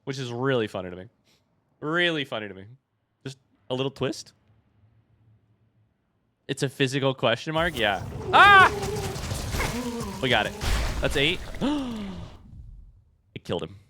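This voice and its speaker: A man's voice: medium pitch, expressive, moderate pace, long pauses, bright, forceful tone, slight background noise. A man in his thirties giving casual, chatty commentary while playing a video game, telling stories and poking fun at himself. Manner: chatty, self-mocking, storytelling between fights. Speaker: streamer.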